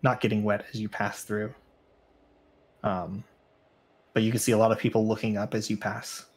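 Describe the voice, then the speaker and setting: A man narrating a tabletop game as game master, in a relaxed, hesitant way with many fillers. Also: on the low side, moderate pace.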